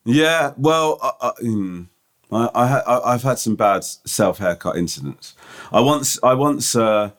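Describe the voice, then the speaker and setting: A man co-hosting a podcast in casual chat, who reads listener emails aloud and tells self-mocking stories with halting restarts. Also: mid-range voice, animated, a bit bright. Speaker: podcast co-host.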